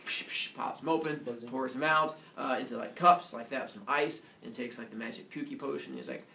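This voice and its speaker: Brief: lively male teacher storytelling to a class, sound effects and voices; distant, roomy classroom sound. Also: mid-range voice, fairly quick, vocal fry, a little hiss or hum. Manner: animated, goofy, sound effects.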